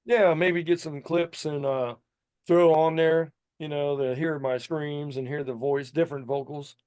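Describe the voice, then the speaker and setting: A man talking casually as a podcast guest over a video call, rough-spoken and demonstrating screams and sound effects. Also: on the high side, steady tone, a little slow, a little mellow, no room sound, clean studio sound. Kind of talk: casual chat.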